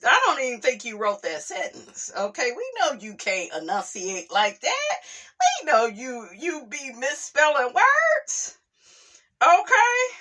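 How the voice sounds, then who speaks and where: A woman hosting a casual gossip commentary, chatty and quick to laugh, often saying "honey" and "okay". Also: high voice, sharp tone. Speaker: host.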